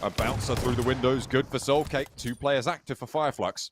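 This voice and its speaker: A man doing live esports play-by-play, rattling off the action in quick, excited bursts. His voice sits in a middle pitch, and he breaks into easy laughter with his partner between calls. A faint hiss of background noise sits under his voice.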